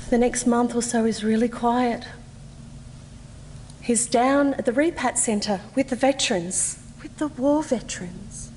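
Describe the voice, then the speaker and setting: An Australian woman in her forties gives a measured, earnest personal testimony at a conference, with slow, deliberate pauses. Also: fairly high pitch, big-room sound, slight background noise. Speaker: conference speaker. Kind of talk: personal testimony, read aloud. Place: conference hall.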